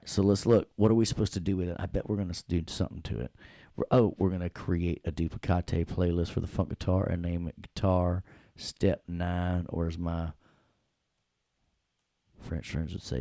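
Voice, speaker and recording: Playful deep-voiced male audio instructor. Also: normal speed, gravelly, warm tone, dry recording, studio quality, faint music behind. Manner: playful, jokey, talks to the class. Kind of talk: live classroom software tutorial.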